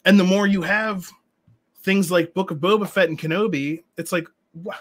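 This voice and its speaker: A man co-hosting a casual podcast chat, animated and sarcastic, slipping into mocking impressions. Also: sits high, moderate pace. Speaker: co-host.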